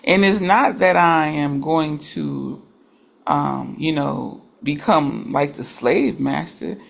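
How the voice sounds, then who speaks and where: A woman speaks slowly in a religious study group, her voice carrying a gravelly edge. She reflects aloud, restarting sentences as she works through her thoughts in relaxed discussion. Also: low voice.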